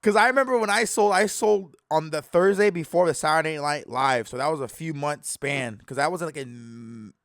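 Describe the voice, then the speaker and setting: A man guesting on a podcast in relaxed, casual chat, agreeing and laughing along with the host. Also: a little high, moderate pace, few pauses, dry recording, clean studio sound.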